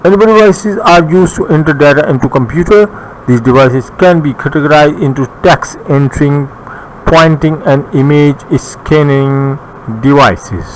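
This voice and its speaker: Man, Bangladeshi English accent, school computer teacher, slow note-reading delivery, slightly high voice. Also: poor audio. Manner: reads notes slowly with pauses, occasional restarts. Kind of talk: recorded classroom lecture. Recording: faint background noise.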